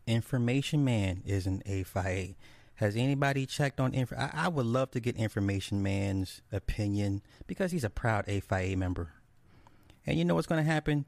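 Male commentator, lowish voice, dry close sound, emphatic and scornful rant with lots of repetition. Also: dry recording. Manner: emphatic, repeats points for stress; blunt and scornful, swears freely. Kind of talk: ranting monologue commentary.

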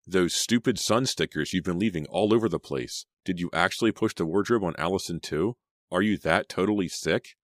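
A man reading aloud, voicing a defensive, sharp-tongued teenage girl in a storybook. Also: low voice, no echo, clean studio sound. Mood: angry. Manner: sharp, quick to snap back.

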